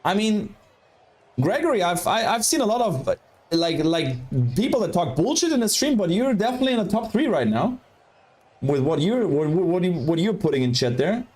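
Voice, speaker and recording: Male tennis streamer, high voice, excitable and chatty. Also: normal speed. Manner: excitable, animated, talks straight to chat. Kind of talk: casual live-stream commentary.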